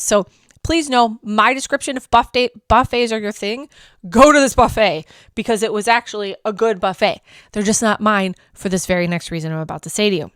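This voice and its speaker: A woman hosting a travel vlog, telling her trip story in a chatty, animated way, poking fun at herself and laughing often. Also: medium pitch, no room sound, clean studio sound. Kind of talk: casual storytelling review.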